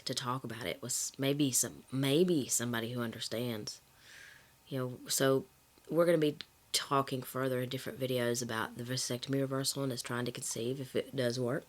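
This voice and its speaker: A woman's voice: very deep voice, fairly even intonation, normal speed. Rambling woman vlogging candidly, slight cough. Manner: rambling, self-correcting, candid. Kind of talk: casual personal vlog.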